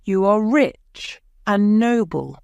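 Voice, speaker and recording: A woman's voice: mid-range voice, expressive, takes it slowly, creaky, darkish tone, smooth, no room sound, highs cut off, pitched above the performer's own voice. A woman voicing a boastful, greedy male army sergeant in an audiobook, blustering as she speaks. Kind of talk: audiobook character voice.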